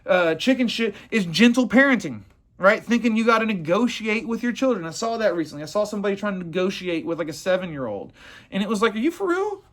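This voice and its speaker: Guy with a high voice, cussing a lot, blunt rambly business talk. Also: lively intonation, fast talker, a bit bright. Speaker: plumbing business owner. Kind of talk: casual motivational talk.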